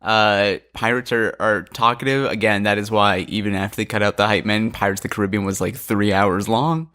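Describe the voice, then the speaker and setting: A man's voice: fairly low pitch, fairly even intonation, a little fast, pushed and bright. A man co-hosting a comedy podcast in casual chat, joking around, riffing on bits and laughing often. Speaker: podcast co-host. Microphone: podcast microphone.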